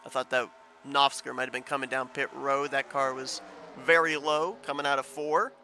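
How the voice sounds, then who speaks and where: A man calling an online stock car race as play-by-play announcer, calm and analytical. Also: mid-range voice, moderate pace, slight background noise. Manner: calm analysis, rising to shouting at the finish. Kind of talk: sim racing commentary.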